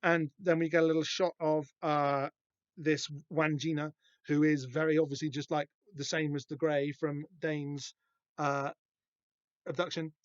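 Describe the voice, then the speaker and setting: A man's voice: on the high side, flat delivery, measured pace, smooth, no echo, dull audio. Wry, rambling man. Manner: rambling, wry, self-interrupting. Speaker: podcast host. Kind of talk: casual comic book commentary.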